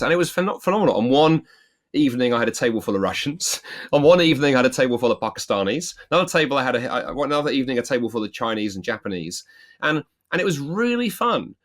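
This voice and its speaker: A middle-aged man from the UK, a guest author telling lively anecdotes in an interview and acting out the quotes. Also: on the low side. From United Kingdom. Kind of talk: storytelling interview answer.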